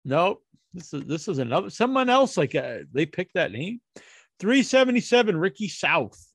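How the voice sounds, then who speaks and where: A man's voice: high voice, a bit bright, no room sound, clean studio sound. A man hosting his own show, counting down a ranking with jokey, rambling, crude asides. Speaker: host counting down a wrestler ranking. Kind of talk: casual solo commentary.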